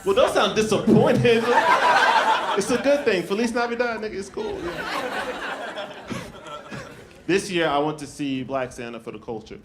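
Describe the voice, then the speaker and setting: A man doing a stand-up comedy set on a club stage, handheld mic, with shouted punchlines. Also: high voice, measured pace, pauses often, heavy background noise. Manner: animated, loud shouted punchlines and put-on voices for others.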